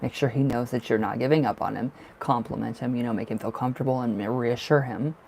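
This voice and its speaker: A man's voice: medium pitch, steady tone, brisk, gravelly, a little mellow, a little hiss or hum. Rambling man giving a tarot reading. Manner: casual, rambling, repeats words. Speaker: tarot reader.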